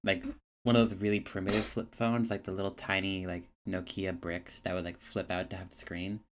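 A man's voice: low-pitched, flat delivery, a little fast. A young adult man co-hosting a podcast, chatting in a wry, matter-of-fact way. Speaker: podcast co-host. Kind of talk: casual chat. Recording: noisy mic.

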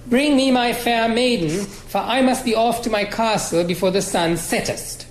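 A man reading aloud and voicing a bossy, defiant plump girl cousin with a shrill, demanding tone. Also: moderate pace, reverberant, a little hiss or hum. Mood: mock-hearty.

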